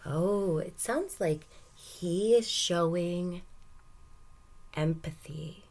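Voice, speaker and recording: A woman teacher reading a picture book aloud to young children, gentle and encouraging, stopping to ask questions. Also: fairly low pitch, extremely slow.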